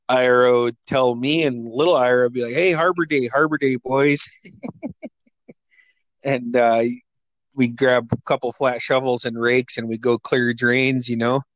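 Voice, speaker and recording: A man's voice: a little slow, pauses often, dry recording. Guy reminiscing, lots of uh and you know, bumps his voice up for quotes, dry close sound. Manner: animated storyteller, acts out quotes in a higher voice; laughs often, many fillers. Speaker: friend sharing memories. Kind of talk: casual storytelling chat.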